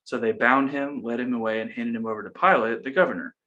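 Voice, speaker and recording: A young man with a bright, forward voice leads a relaxed Bible study chat. He reads verses aloud in an easy, joking way and breaks off for banter. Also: mid-range voice, fast, muffled recording. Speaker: podcast co-host.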